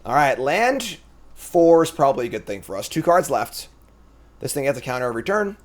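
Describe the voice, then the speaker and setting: A man giving casual commentary on his card game, weighing each play out loud. His pitch moves around a lot, and he trails off with fillers and half-finished thoughts. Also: very animated, brisk. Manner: thinks aloud, trailing off with fillers.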